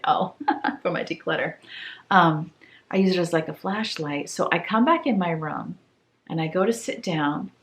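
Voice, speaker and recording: A woman from tells a home story in a relaxed vlog. Her voice sits on the lower side for a woman. She slips into the voices of the people she quotes and sounds a little tired. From Maine. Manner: animated storyteller who acts out quoted voices. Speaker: home declutter vlogger.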